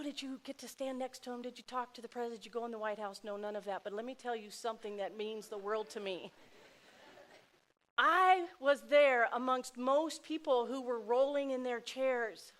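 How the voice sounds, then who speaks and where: A middle-aged woman giving a heartfelt personal speech to an audience, swinging between loud exclamations and soft asides. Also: on the high side, a little fast. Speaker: speaker at a dinner event.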